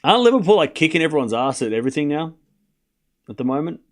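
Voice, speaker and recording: A man's voice: on the high side, very animated, quick pace. A young man hosting a live tennis watchalong, chatting casually with his stream chat and calling the score in a rambling way. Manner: chatty, rambling, with fillers and restarts.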